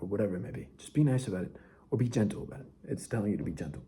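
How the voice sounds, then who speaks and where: A man's voice: on the low side, racing, warm tone, a little hiss or hum. A young man talking casually and earnestly to camera about Bible verses, often saying "dude" and dropping to near whispers. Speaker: faith vlogger.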